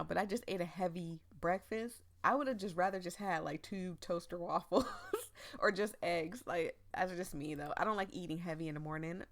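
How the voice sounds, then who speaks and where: A young woman from the United States chatting casually while playing a story game, rambling, laughing often and losing her voice. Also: on the low side. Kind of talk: casual chat while reading game text aloud.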